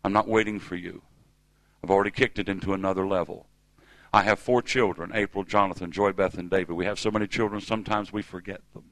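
A man's voice: deep voice, fairly bright tone, no echo, rough recording. A middle-aged man preaching a sermon in a church service, emphatic and calling on the congregation to respond.

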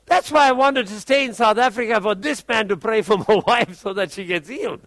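A man preaching, telling a testimony story in an animated way and often repeating his words. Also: high voice, a little fast, dry recording.

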